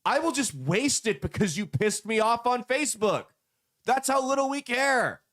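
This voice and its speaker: A man's voice: very high-pitched, sing-song, moderate pace, fairly bright tone. A man hosting political commentary, ranting with sarcastic, profane, heated delivery.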